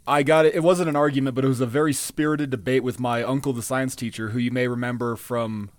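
A man's voice: mid-range voice, steady tone, fast talker, no echo. Enthusiastic man telling podcast stories. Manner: enthusiastic storyteller, laughs often, swears casually. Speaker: podcast co-host. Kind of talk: casual chat.

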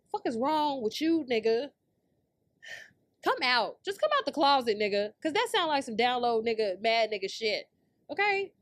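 A woman hosting her own podcast in brash, profane casual commentary, dropping to low mutters and then breaking into loud, high outbursts. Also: dry recording. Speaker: podcast host.

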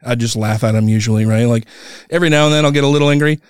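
A man telling a story in casual chat, heated and profane, retelling an angry run-in with lively animation. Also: mid-range voice, racing, clean tone, no room sound, studio quality.

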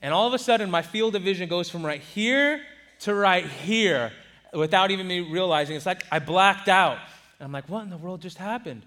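A man in his twenties from Southern California, telling a personal story in a sermon with lively delivery and acted-out quotes. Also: sits high, moderate pace. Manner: animated, acts out quoted voices. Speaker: preacher.

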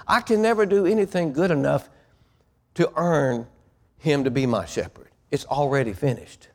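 A man preaching a sermon as pastor, calling on the congregation to repeat after him and rising into loud, emphatic preaching. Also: fairly high pitch, normal speed.

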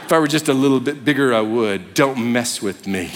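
A man voicing a small, menacing house cat in a low, sly, threatening tone. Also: expressive, fairly quick, noisy background, lightly acted. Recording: long hall reverb.

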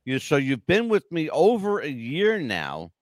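A man's voice: fairly high pitch, wildly swooping pitch, a little slow, no room sound. A man in his sixties hosting a podcast, talking in a laid-back, teasing way. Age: 60s. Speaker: podcast host. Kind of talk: casual chat.

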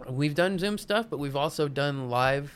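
A man in his forties from Arkansas, chatting casually as a podcast guest. His voice sits a bit higher than most men's. He rambles in a loose, profane way and often restarts his sentences. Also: expressive, a little slow, clear, resonant tone. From Arkansas, USA. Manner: loose and chatty, swears, stumbles over restarts. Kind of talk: casual chat.

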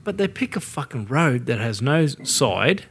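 Laughing Australian bloke chatting. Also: male voice, medium pitch, very animated, normal speed, breathy edge. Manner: laughs a lot, swears casually. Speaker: podcast co-host. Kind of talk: casual pub banter.

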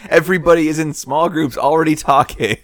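A man's voice: a little high, fairly even intonation, brisk, fairly bright tone, no room sound. A man co-hosting a podcast in casual chat, who laughs often, stammers and pokes fun at himself. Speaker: podcast co-host. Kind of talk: casual chat about a TV episode.

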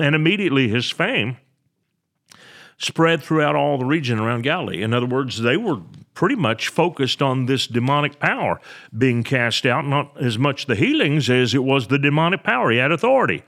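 A man's voice: mid-range voice, lively intonation, moderate pace, a bit bright. A man teaching a sermon, reading scripture aloud and explaining it in an earnest, expository way. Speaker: Bible teacher.

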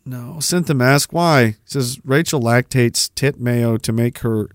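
A man's voice: medium pitch, a little slow, no echo, studio quality. Sarcastic ranting male podcast host. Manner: sarcastic, mocking, laughs at own jokes. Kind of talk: casual ranting commentary.

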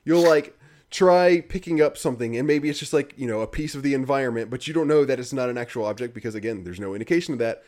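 A man rambles through a dry, critical game review in casual conversation, his mid-range voice fast and a little mellow. He leans heavily on fillers and laughs frequently.

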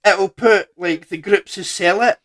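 Laid-back man with a higher voice, casual chat. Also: measured pace, fairly bright tone. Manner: laid-back, loose, trailing sentences with fillers and swearing. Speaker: podcast co-host. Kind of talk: casual chat about a film.

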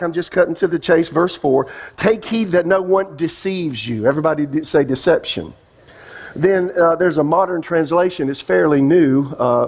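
A man's voice: fairly high pitch, a little mellow. A man preaching a sermon as pastor, emphatic and asking the congregation questions. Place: church sanctuary.

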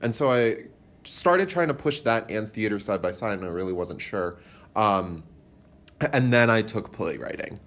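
A young man with a lowish voice is a guest on a podcast. He talks loosely and rambles, filling his sentences with "like" and "um" as he explains things. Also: expressive, moderate pace, a bit bright. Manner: rambling, many fillers, lots of "like". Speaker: playwright guest. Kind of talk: casual interview chat.

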